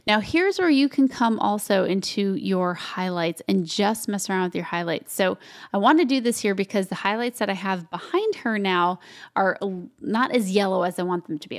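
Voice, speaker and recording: Chatty woman with a gravelly edge. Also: medium pitch. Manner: chatty, talks while working, with asides to viewers. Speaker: photography tutorial host. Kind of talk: casual screen-share editing tutorial.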